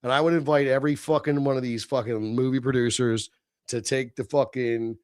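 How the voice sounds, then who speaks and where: A man's voice: mid-range voice, steady tone, fairly quick, darkish tone, clean tone, dry recording, studio quality. A middle-aged man hosting a livestream, venting in a heated, profane, sneering rant. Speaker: livestream host. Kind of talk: ranting livestream monologue.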